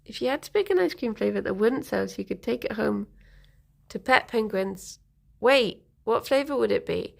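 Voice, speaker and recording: A woman's voice: fairly high pitch, lively intonation, moderate pace, vocal fry. A young woman chatting casually on a live stream, giggling and answering viewer comments.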